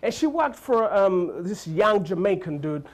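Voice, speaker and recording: A man with a Ugandan English accent telling comic stories, acting out characters as he goes. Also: unhurried. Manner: animated, acts out characters with big pitch jumps. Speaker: comedian. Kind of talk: stand-up storytelling.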